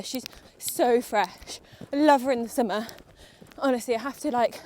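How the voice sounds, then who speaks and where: Girl vlogging from the saddle, high voice, jittery and chatty, horse noises around. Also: moderate pace, a little mellow, slight background noise. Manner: nervous and chatty, talking to her horse and viewers. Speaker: vlogger riding her horse. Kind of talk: casual chat while riding. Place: outdoor riding arena.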